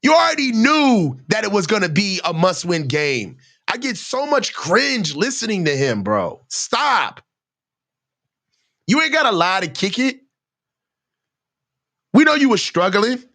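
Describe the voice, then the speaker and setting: High, animated ranting man. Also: moderate pace. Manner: heated, slangy ranting. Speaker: host of a live football reaction show. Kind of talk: live sports reaction commentary.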